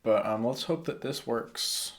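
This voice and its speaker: A man's voice: mid-range voice, a little slow. Rambling male game streamer. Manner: rambling, many fillers. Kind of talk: casual live-stream game commentary.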